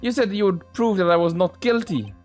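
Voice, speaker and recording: Peppy young policewoman from a game, eager and loud, voiced by a man raising his pitch. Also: expressive, brisk, faint music behind. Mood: pleading.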